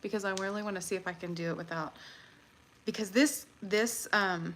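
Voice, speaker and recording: A woman chatting casually on a livestream, excitable and laughing often as she talks her viewers through what she is doing. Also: medium pitch, moderate pace, slight background noise. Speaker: livestream host.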